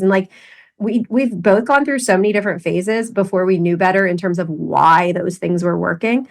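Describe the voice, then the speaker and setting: A woman's voice: on the low side, fairly even intonation, fairly quick. A woman co-hosting a podcast as a fitness coach, explaining ideas in a casual, coach-like way. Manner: explanatory, coach-like, many "like" fillers.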